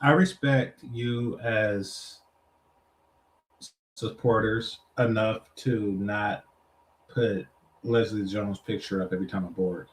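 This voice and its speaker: A man's voice: on the low side, a little hiss or hum, low-quality recording. A man commenting on clips and reading viewer comments in a loose, rambling, profane way. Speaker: streamer reacting to clips. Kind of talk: casual commentary.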